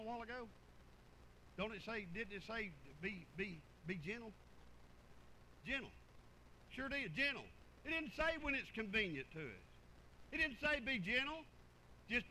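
A man's voice: sits high, sharp tone, slight background noise, rough recording. An older man, preaching a sermon in a folksy, rambling way that repeats words. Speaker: pastor.

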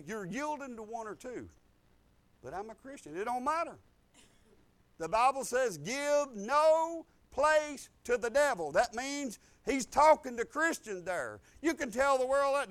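Animated and informal, a male pastor preaches through his personal testimony, starting some phrases over. Some lines come out loud and emphatic, while other stretches drop low and quiet.

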